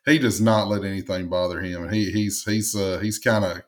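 Brief: deep man, relaxed, halting storyteller. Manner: halting, repeats words, laughs easily. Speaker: podcast panelist. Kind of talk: casual chat.

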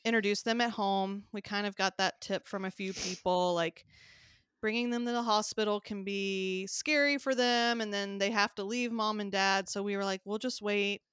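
A young woman podcast co-host chatting casually and telling a story in an animated way, often laughing. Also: medium pitch, clear, resonant tone, no echo, clean studio sound. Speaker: podcast co-host, new mother of two. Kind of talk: casual chat.

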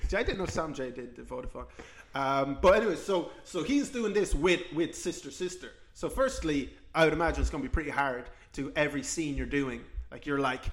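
A man's voice: a little high, brisk, few pauses. A man co-hosting a podcast, chatting casually and comedically, often bursting into mock voices. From Ireland. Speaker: podcast co-host.

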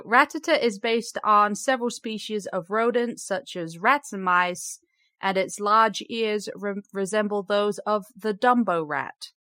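A woman hosting a casual podcast, upbeat and quick to giggle as she reads out facts. Her voice sits at a middle pitch. The recording is dry and close. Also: sharp tone, no room sound. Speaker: podcast host. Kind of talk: casual chat presenting facts.

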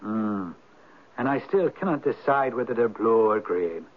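A police sergeant, wry and coaxing, with a lively rise and fall. He is heard through a narrow, tinny old broadcast. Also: on the low side, unhurried. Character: police sergeant taking a statement. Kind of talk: 1970s radio drama acting.

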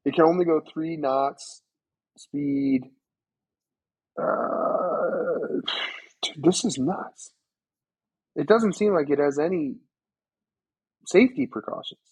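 A young man with a husky, slightly raspy voice co-hosts a casual podcast. He keeps asking questions in disbelief. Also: on the high side, slow, pauses often, a little mellow, low-quality recording. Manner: incredulous, questioning. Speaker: podcast co-host. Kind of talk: casual chat.

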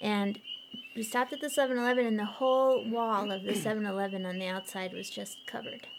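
A woman's voice: mid-range voice, brisk, gravelly, a little hiss or hum. A woman from Colorado co-hosting a podcast, telling stories in a chatty, giggly way. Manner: chatty and giggly, animated storytelling. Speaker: podcast co-host. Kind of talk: casual chat.

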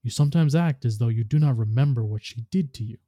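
Saint is a worried, devoted robot warrior who chooses his words carefully, as read by a man. The tone is very dark and the recording is dry. He sounds earnest. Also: medium pitch, fast, no echo, lightly acted. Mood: concerned.

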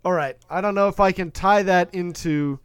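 Podcast host guy, fairly high voice, rambly movie recap, lots of uhs, dry close mic. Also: clean tone, dry recording. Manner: rambling, filler-heavy recapping with quick asides. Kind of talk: casual movie recap chat.

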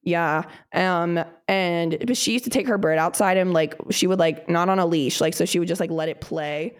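A young woman co-hosting a podcast, telling stories in a casual, animated way, swearing a lot and acting out quotes loudly. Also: fairly low pitch, normal speed. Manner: animated storyteller, heavy swearing, loud acted quotes. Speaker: podcast co-host. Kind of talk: casual chat.

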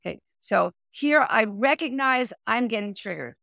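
A middle-aged woman, a performance coach and therapist, explaining her method in a podcast interview, with lively, hands-on explanations. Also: on the high side, moderate pace, creaky, dry recording, clean studio sound. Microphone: remote audio, no camera.

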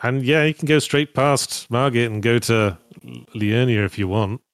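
A man's voice: medium pitch, normal speed, clear, resonant tone, no room sound. A man co-hosting a casual podcast chat, reading donor messages aloud with wry, dry asides.

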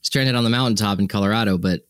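A man's voice: on the low side, fast, no room sound. A man co-hosting a podcast, telling rambling stories with sarcastic asides. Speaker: podcast co-host. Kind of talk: casual chat.

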